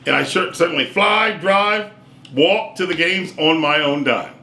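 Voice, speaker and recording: A man's voice: fairly high pitch, a little slow, pushed and bright. A middle-aged man co-hosting a talk show, folksy and exuberant, forever saying "man" and "I'm telling you". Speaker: co-host and sports super fan. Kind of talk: casual talk show banter. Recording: echoey room.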